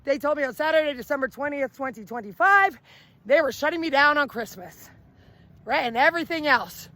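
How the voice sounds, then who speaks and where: A woman's voice: high-pitched, lively intonation, a little fast, pushed and bright. A woman livestreaming outdoors on a city street at night, talking into her phone in a flamboyant, rambling way and jumping from topic to topic.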